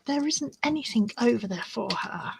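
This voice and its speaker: A woman's voice: a little high, expressive, moderate pace, vocal fry, background noise. A woman hosting a crafting vlog, chatting casually and easily distracted while she shows her resin swatches. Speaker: crafting channel host.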